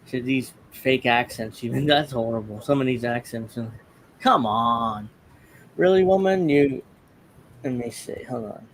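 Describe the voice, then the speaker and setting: A man's voice: mid-range voice, measured pace, a little hiss or hum. A man from the Northeastern United States hosting a casual political commentary show, talking in a mocking, chatty way with many restarts. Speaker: host.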